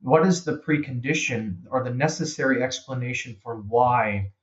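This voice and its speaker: A man's voice: medium pitch, normal speed. A man, a guest author, explaining his arguments earnestly and returning to the same key points. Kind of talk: casual conversation. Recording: slightly muffled sound.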